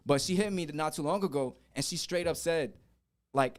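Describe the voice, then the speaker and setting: A man's voice: a little high, moderate pace. Laid-back man telling blunt stories. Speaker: podcast co-host. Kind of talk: casual chat.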